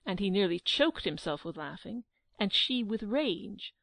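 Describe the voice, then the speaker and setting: A woman narrating a children's audiobook in a lively storytelling manner. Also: medium pitch, unhurried, gravelly, dry recording. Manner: lively storytelling, acting out the quotes.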